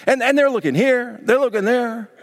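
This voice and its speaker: A man preaching a sermon as pastor, emphatic and animated, acting out parents scolding their children. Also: very high voice, moderate pace, in a large hall. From Southern United States.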